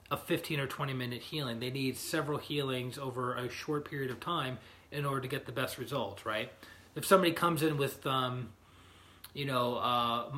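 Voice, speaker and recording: A man's voice: mid-range voice, sharp tone. A middle-aged man, an energy healer, talking casually from his healing room and often checking in with "right?". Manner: chatty, keeps asking "right?". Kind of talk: casual livestream talk.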